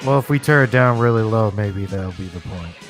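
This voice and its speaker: A man's voice: fairly low pitch, fairly quick, soft background music. Chatty man hosting a live stream. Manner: chatty, rambling, laughs often. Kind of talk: casual live commentary.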